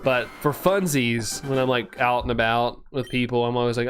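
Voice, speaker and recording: A man's voice: medium pitch, fairly even intonation, moderate pace, faint music behind. A young man streaming, chatting casually and playfully, rambling, tripping over words and laughing at himself. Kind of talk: casual live-stream chat.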